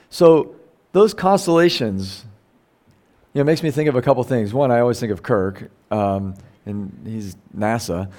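A man's voice: mid-range voice, normal speed, darkish tone. A middle-aged man preaching a sermon, reading scripture aloud and explaining it in a conversational way with many rhetorical questions. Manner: conversational, asks rhetorical questions, self-corrects while reading. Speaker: pastor.

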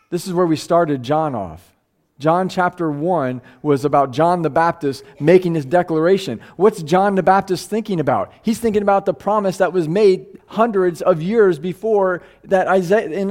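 A man's voice: sits high, a little mellow. A man preaching a sermon, reading scripture aloud and asking his listeners questions in a conversational way. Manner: conversational, asks the room questions; reads scripture aloud, slowing for emphasis. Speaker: pastor.

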